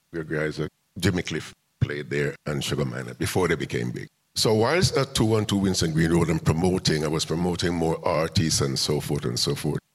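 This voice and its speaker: Older male interview guest with a very low voice, telling a long anecdotal story step by step. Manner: recounts events step by step, acting out quoted dialogue. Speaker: music promoter and interview guest.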